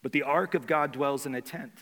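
A man's voice: fairly high pitch, a little fast, a bit bright, in a large hall. A man preaching a sermon as a pastor, talking in a conversational way with rhetorical questions and frequent restarts.

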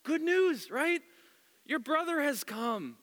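A man putting on a giddy servant, high-pitched and excited, bright tone, long hall reverb. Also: slow, full character voice. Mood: joyful. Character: eager joyful male servant bearing good news.

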